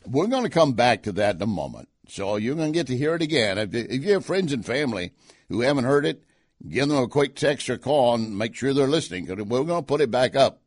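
A man's voice: mid-range voice, expressive, fairly quick, slightly rough, no echo, studio quality. A man hosting a political talk show, speaking conversationally and pushing hard on key points. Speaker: talk radio host. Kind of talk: political commentary.

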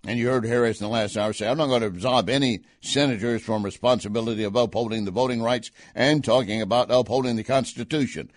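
Fast and with few pauses, a mid-range male talk radio host delivers political commentary in studio-quality audio with no room sound, conversational yet pushing forcefully on his main points.

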